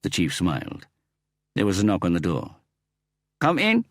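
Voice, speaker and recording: A man narrating a crime novel in a measured, expressive reading. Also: deep voice, no room sound, studio quality. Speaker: audiobook narrator. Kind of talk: scripted narration.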